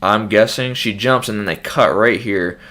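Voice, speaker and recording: A man's voice: fairly low pitch, moderate pace, a bit bright. A young man hosting a casual, loose trailer breakdown, thinking aloud with many fillers and restarts. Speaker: host.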